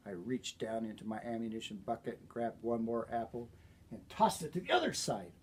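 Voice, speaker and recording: A man telling a story from his own childhood in an unhurried, folksy way, clearing his throat now and then. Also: mid-range voice, animated. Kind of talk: personal storytelling.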